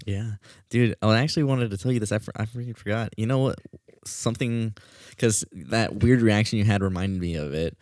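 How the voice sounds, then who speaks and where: A man hosting a podcast, telling a story in a casual, animated way and swearing often. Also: lowish voice, a little fast, no room sound, clean studio sound. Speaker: podcast host.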